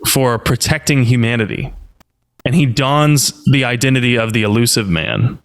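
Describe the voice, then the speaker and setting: A man co-hosting a casual podcast, explaining lore as a relaxed storyteller with dry humor. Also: medium pitch. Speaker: podcast co-host.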